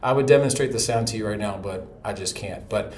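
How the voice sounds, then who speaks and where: A middle-aged man teaching a relaxed, chatty voice lesson, breaking into short sung demonstrations. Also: lowish voice, quick pace. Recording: echoey room with faint noise.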